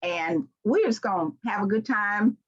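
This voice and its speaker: In a sing-song, slightly rough medium-pitched voice and at a measured pace, an older woman from Memphis, Tennessee, Southern accent and all, gives a folksy, heartfelt motivational keynote to an audience. The sound is dull and lo-fi.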